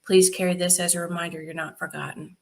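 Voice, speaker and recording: Woman telling lively stories, lowish voice. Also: quick pace, gravelly. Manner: lively anecdotal, laughs often, acts out quoted dialogue. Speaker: charity founder guest. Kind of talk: casual interview storytelling.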